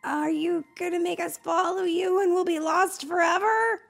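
A woman's voice: very high-pitched, fairly even intonation, normal speed, gravelly, soft background music, pitched above the performer's own voice. A woman voicing a nervous young male fish who stammers, in a bedtime storybook reading.

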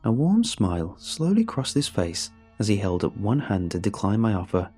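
A man reading a scripted horror story in a measured, somber way. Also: fairly low pitch, very animated, dark tone, husky. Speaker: narrator. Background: faint music.

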